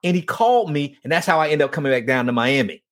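A man's voice: on the high side, lively intonation, quick pace, fairly bright tone. A man hosting a faith talk show, telling an emotional personal testimony and acting out the dialogue in it. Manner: earnest storyteller acting out dialogue. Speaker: show host and men's ministry leader.

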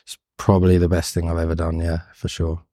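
A man's voice: low-pitched, completely flat delivery, quick pace, mellow, no echo, studio quality. A man, a carpenter answering interview questions in a hesitant, casual way with many ums and restarts. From England. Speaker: guest, carpenter and furniture maker.

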